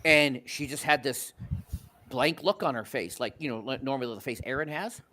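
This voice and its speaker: A Canadian man hosts a sports podcast, chatting casually and telling rambling stories full of fillers and restarts. His mid-range voice is pushed and bright, at normal speed.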